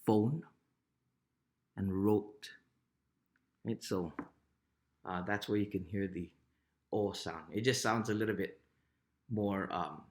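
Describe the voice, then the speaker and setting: A man, teaching vowel sounds in a casual, unhurried way and often asking "right?". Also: sits low. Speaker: language teacher. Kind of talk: casual pronunciation lesson.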